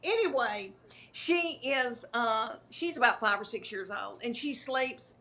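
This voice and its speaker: A woman's voice: fairly high pitch, lively intonation, measured pace, bright, forceful tone. A woman, a comedian telling rambling, self-deprecating stories in casual chat over a video call. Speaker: comedian guest.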